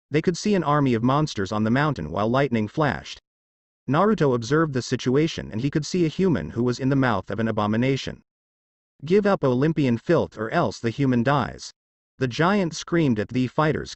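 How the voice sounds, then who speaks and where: A man narrating an action fan fiction story in an expressive storytelling manner. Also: medium pitch, dry recording.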